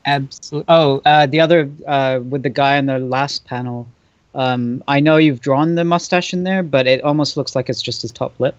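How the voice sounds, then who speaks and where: A man's voice: medium pitch, normal speed, no echo. A man co-judging on a livestream, chatting casually and adding short, hesitant remarks. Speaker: co-judge on stream. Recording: dry, dull lo-fi audio.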